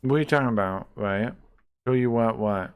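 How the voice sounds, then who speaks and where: Male streamer, casual rambling chat to viewers, swears often, mid-pitched, faint music in the background. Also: normal speed, smooth, narrow, tinny audio.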